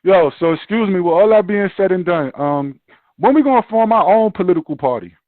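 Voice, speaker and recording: Brief: fired-up New guy, slightly high voice, dry and tinny sound, swears a lot. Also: fairly quick, dry recording. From Brooklyn, New York. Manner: profane, animated ranting. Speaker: podcast host. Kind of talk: casual chat.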